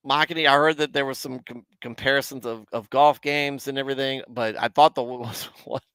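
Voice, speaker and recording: A man's voice: mid-range voice, fairly even intonation, a little fast, a bit bright, smooth, dry recording. A man hosting a livestream, commenting on scripture in a rambling, self-deprecating way and chatting with viewers. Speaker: Bible commentary livestream host.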